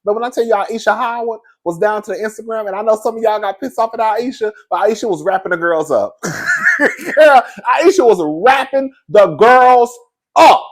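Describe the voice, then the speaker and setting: A man's voice: sits high, sing-song, a little fast, fairly bright tone. A man hosting a celebrity gossip show, talking casually and chattily, laughing a lot and calling listeners girl and baby.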